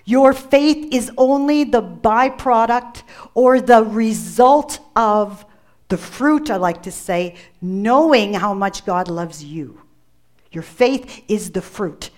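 A woman's voice: medium pitch, darkish tone. A woman preacher delivering a sermon, emphatic, repeating key phrases and calling on listeners by name.

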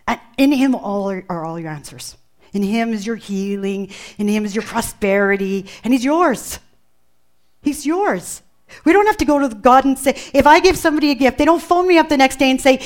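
A woman preaching a sermon, emphatic and expressive, full of rhetorical questions to the congregation. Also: fairly high pitch, a little fast.

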